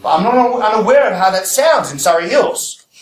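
A man's voice: sits high, expressive, normal speed, roomy sound, far from the mic, rough recording. A man preaching a conversational sermon, often checking in with his listeners through rhetorical questions.

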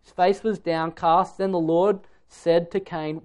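A man's voice: high voice, little pitch movement, unhurried, few pauses, a little mellow. A man preaching a sermon in an earnest, emphatic way, putting direct questions to his listeners.

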